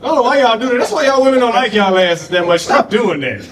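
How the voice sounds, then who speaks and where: A man's voice: extremely high pitch, animated, fast talker. A man doing a loose, profane stand-up comedy set on a club stage, working the crowd. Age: adult with a grown daughter.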